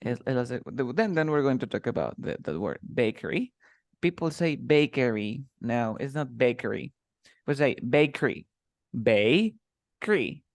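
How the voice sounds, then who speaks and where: A man's voice: medium pitch, big pitch swings, a little mellow, no room sound. Patient male English teacher, dry sound. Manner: patient, repeats words slowly for pronunciation. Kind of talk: conversational lesson, interview practice.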